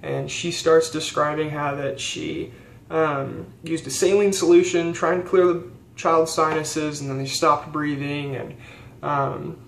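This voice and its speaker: A young man and theology student telling a story in a casual vlog, earnest and rambling with fillers and restarts. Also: fairly high pitch. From rural United States. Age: young adult. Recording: echoey room with faint background hiss.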